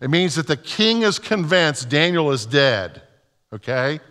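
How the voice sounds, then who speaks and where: A man's voice: on the high side, big pitch swings, measured pace, a bit bright, long reverb tail. A man preaching a sermon as pastor, retelling scripture stories and acting out the dialogue with rising fervor.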